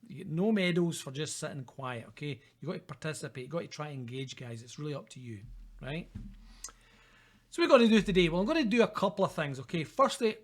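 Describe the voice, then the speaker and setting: Chatty Scottish lecturer, fairly high voice. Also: male voice, lively intonation, fast. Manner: chatty, informal, peppered with "okay?" and "guys". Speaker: university lecturer. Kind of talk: recorded lecture.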